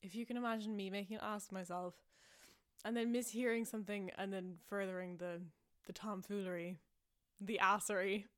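A young woman with an Irish accent tells a story to her podcast listeners. She talks in a loose, rambling way, full of "like" and "um", and she often laughs at herself. Her voice sits at a middle pitch for a woman. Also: fairly even intonation, brisk. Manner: chatty and self-mocking, laughing often, many fillers. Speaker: podcast host.

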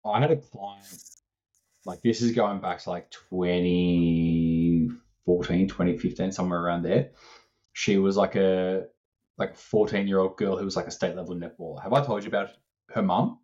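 A man co-hosting a casual podcast, telling an animated story and acting out both sides of the conversation, swearing now and then. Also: low-pitched, normal speed, dull audio. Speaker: strength coach co-host.

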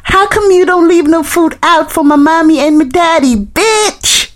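Woman doing shrill rude little roach kids. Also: measured pace. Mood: brash. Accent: Jamaican. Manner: brash, cursing.

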